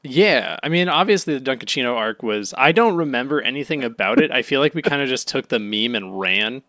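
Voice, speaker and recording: A man co-hosting a casual podcast chat, excitable and laughing often, with frequent restarts. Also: mid-range voice, a little fast, no echo, clean studio sound. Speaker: podcast co-host.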